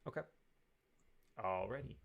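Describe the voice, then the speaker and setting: A man's voice: fairly low pitch, unhurried, vocal fry, phone-quality sound, slight background noise. A man playing in a tabletop game, bantering and teasing in casual chat. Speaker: player.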